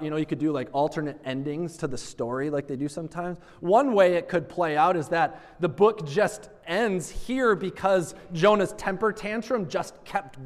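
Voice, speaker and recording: A male preacher giving a sermon, retelling the story in an animated way and tossing rhetorical questions to the congregation. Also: sits high. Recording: long reverb of a large hall.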